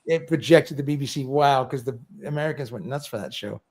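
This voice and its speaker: A man's voice: mid-range voice, brisk, a little mellow. A middle-aged man hosting a livestream, chatting casually, reading viewer comments aloud and laughing often. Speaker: livestream host.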